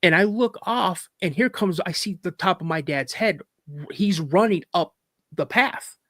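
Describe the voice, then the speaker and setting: A man, a podcast guest, telling a story in a casual, animated way with acted quotes. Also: sits high, unhurried, no room sound, studio quality. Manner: rambling with restarts.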